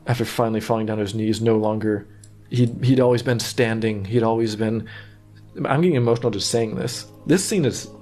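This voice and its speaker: Brief: low-voiced man, earnest, rambling director's commentary, faint music behind. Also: darkish tone. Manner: earnest, meandering, casual. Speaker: director of an animated series.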